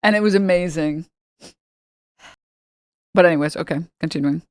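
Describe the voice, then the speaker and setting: A woman's voice: low-pitched, normal speed, darkish tone, no room sound, studio quality. A young woman streamer giving casual reaction commentary, rambling and joking with lots of fillers.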